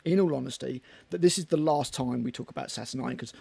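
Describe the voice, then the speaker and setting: Chatty gravelly man, dry room. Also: medium pitch, quick pace, dark tone, no room sound. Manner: chatty, rambling, swears casually. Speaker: podcast co-host. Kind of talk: casual chat.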